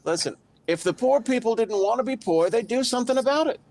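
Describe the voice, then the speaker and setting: A man doing a mock-gruff, dismissive impression of a blustery politician. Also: very high-pitched, animated, quick pace, darkish tone, dry recording, voice pushed up.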